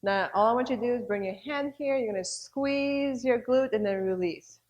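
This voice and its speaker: A woman's voice: on the high side, normal speed, a little mellow, dull audio. A woman instructor talking students through a beginner dance class, cueing moves and counting beats aloud.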